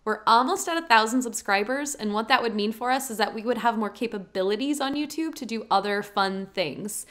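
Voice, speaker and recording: A woman's voice: fairly high pitch, fairly quick, a bit bright. A woman co-hosting a podcast, chatting in an upbeat, giggly and earnest way. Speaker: podcast co-host. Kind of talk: casual chat.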